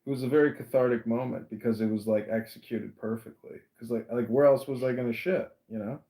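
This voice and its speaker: A man hosting a podcast, telling a story in a casual, animated way and acting out the voices. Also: mid-range voice, fairly quick. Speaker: podcast host. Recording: roomy echo.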